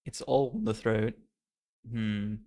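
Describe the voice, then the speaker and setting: Slow-talking playful male game streamer. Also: lowish voice, steady tone, darkish tone. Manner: playful and self-mocking, laughs often. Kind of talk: casual live-stream chat while reading a game story.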